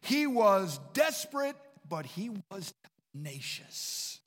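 A man preaching a sermon to students at a Bible college. He is impassioned and swings between hushed lines and emphatic ones. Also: high-pitched, big pitch swings, slow pace. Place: large room at a Bible college. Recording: long hall reverb.

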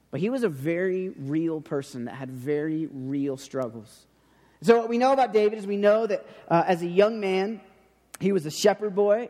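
Male preacher, high voice, informal and rambling, hall reverb. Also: a little mellow. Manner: chatty, repeats words and restarts, acts out quoted speech. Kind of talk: casual sermon.

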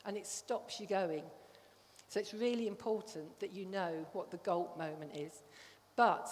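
A woman's voice: fairly low pitch, measured pace, darkish tone. A woman giving a conversational sermon to a congregation, often checking that they follow. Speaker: church speaker. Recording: long hall reverb.

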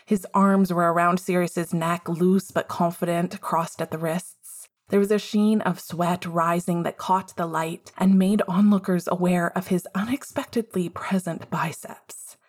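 A woman narrating a fan fiction story aloud in an expressive, measured way. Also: on the low side. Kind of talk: fan fiction audiobook reading.

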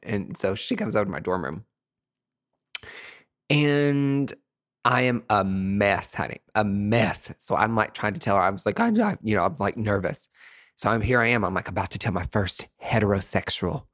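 A man's voice: on the low side, moderate pace, a bit bright. A man hosting a podcast, telling a personal story in a campy, chatty and profane way. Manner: campy, chatty, profane, calls listeners sweetie. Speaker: podcast host. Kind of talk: casual storytelling monologue.

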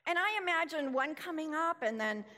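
A woman preacher giving a sermon, deliberate and full of rhetorical questions. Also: high voice, animated, pushed and bright. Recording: reverberant hall.

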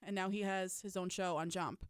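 A woman's voice: lowish voice, steady tone, normal speed, smooth, no room sound. A woman in her twenties from Canada, chatting as a guest in a small radio studio, laughing often and acting out what people said. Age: 20s. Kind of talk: casual interview chat.

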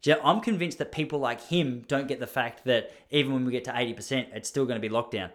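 A man's voice: mid-range voice, fast talker, few pauses, fairly bright tone. An Australian man in his thirties, telling a casual story in a rambling, self-deprecating way with many asides. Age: 30s.

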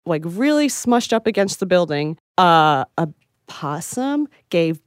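A woman's voice: lowish voice, very animated, measured pace, clear, resonant tone, dry recording, studio quality. A woman chatting casually as a podcast co-host, telling stories with emphatic storytelling. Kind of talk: casual chat.

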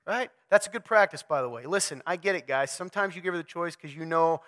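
A young man giving a conversational sermon to a men's group, animated and joking as he addresses the audience directly. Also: fairly high pitch, fast. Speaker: speaker at a men's talk.

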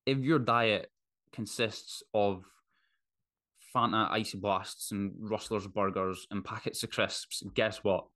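A man's voice: lowish voice, steady tone, takes it slowly, pushed and bright. A man hosting a solo podcast, talking bluntly and casually with plenty of swearing. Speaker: podcast host.

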